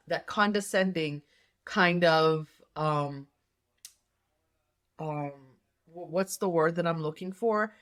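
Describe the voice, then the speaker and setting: A woman's voice: lowish voice, a bit bright. A middle-aged woman doing a tarot reading, talking casually in a rambling way with many fillers and restarts. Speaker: tarot reader and nurse health coach.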